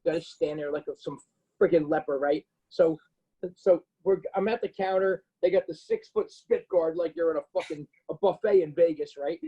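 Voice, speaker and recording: A man with a New Jersey accent telling a story in casual chat, profane and animated, acting out the people he quotes. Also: a little high, moderate pace, slightly rough, highs cut off. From Bloomfield, New Jersey. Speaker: podcast guest.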